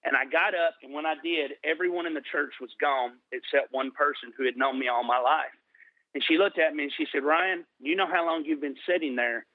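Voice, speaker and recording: A middle-aged man telling his personal testimony in an interview, earnest and slowing down for emphasis. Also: a little high, dry recording. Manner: earnest storytelling, slows for emphasis. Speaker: guest sharing testimony. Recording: tinny phone-like line.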